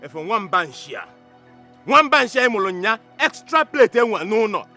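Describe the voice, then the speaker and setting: Threatening Nigerian elder brother, bright tense voice, animated, film music behind. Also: male voice, high voice, moderate pace, full character voice. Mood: indignant. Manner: threatening, mixes in Igbo. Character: menacing elder brother Patrick, called evil man.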